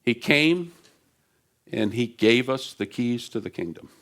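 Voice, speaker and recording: Male guest preacher, casual and excitable, talks loosely into a stage mic in a church. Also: mid-range voice, measured pace. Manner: animated and chatty, laughs often. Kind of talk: lively conversational sermon. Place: church sanctuary. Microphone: stage microphone.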